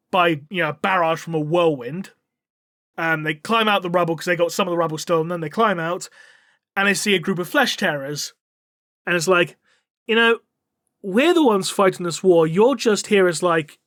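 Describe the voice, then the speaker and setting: A man's voice: high voice, a bit bright, no room sound, clean studio sound. A man, co-hosting a podcast, recapping a story in a rambling, casual way with plenty of swearing. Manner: rambling, swears, acts out characters' lines. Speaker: podcast co-host.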